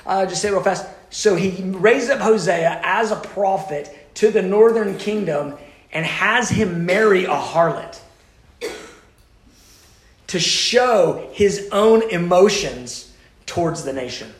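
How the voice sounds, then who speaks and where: A man preaching a teaching sermon, his fairly high voice rising into urgent, loud pleas and then dropping to near-whispered intimacy. The passion runs through every phrase. His voice carries with a noticeable room echo. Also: slow pace. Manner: passionate, swings from loud urgent pleading to hushed intimate tones.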